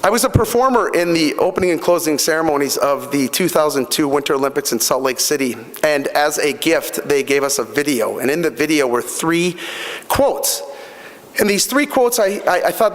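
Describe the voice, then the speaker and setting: A man's voice: a little high, expressive, normal speed. A middle-aged man giving a motivational speech at a fundraising breakfast, telling personal stories earnestly, with fillers and repeats. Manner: earnest storytelling, repeats himself, many fillers. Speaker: guest speaker at a fundraising breakfast. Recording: long hall reverb.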